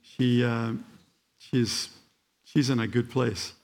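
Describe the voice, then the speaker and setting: An older man with a faint Scottish accent, preaching a sermon as a guest in a church, halting with fillers and then rising to fervent emphasis. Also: medium pitch, flat delivery, a little mellow. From Scotland.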